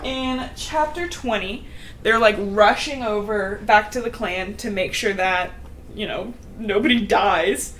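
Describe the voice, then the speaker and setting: A woman's voice: mid-range voice, measured pace, fairly bright tone. A young woman hosting a podcast from home, casually recapping a book with laughs and blunt swearing asides. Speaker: podcast host.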